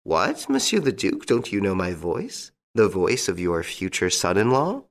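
Man playing a suave gentleman thief, mock-polite, low voice, animated delivery. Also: unhurried, full character voice. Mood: teasing.

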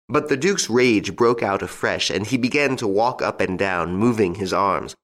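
A man reading a classic story aloud as an audiobook narrator, with expressive storytelling. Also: on the low side, moderate pace. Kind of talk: scripted narration.

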